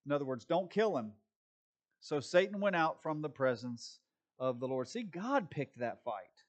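A man pastor giving a conversational sermon, swinging between loud emphatic bursts and quiet asides. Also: fairly high pitch, very animated, normal speed.

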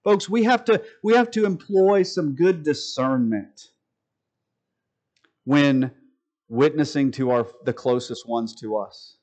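A man preaching a sermon to his church, his voice sitting a little higher than most men's. He talks in a folksy way and slips joking asides to the congregation between his points. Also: slow, darkish tone, low-quality recording. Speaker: pastor. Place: church sanctuary.

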